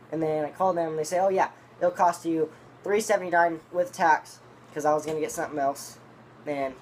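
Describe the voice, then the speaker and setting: A man's voice: mid-range voice, slight background noise. A man telling a long, rambling story in casual, profanity-laden talk, reviewing dip tobacco. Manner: rambling, profane, restarts often.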